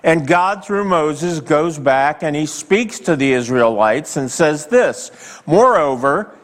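A male pastor preaching a sermon slowly and emphatically, with dramatic pauses, and asking the congregation direct questions. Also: a little high, lively intonation. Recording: long hall reverb.

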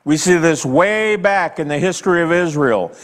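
A male pastor preaching a sermon slowly and emphatically, with dramatic pauses, and asking the congregation direct questions. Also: fairly high pitch, lively intonation. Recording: long hall reverb.

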